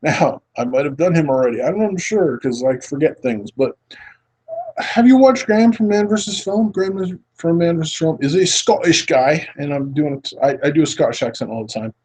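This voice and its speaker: Husky-voiced man rambling about films. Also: on the high side, lively intonation, moderate pace, a little mellow, poor audio. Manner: rambling, earnest, chatty with frequent restarts. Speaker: podcast host. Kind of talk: casual film chat.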